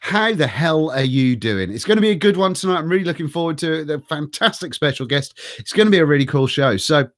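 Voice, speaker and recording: A man's voice: fairly high pitch, expressive, quick pace, hardly any pauses, no echo, studio quality. A middle-aged man with a cold, hosting a live stream and chatting casually while reading out names from chat, swearing now and then. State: has a cold. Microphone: desk microphone.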